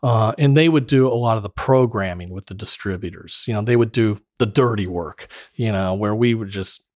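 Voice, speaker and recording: A podcast guest and former sales director, this middle-aged man has a fairly low pitch and a moderate pace. He's an animated storyteller who laughs a lot in a casual interview, recorded cleanly in a studio with no room sound.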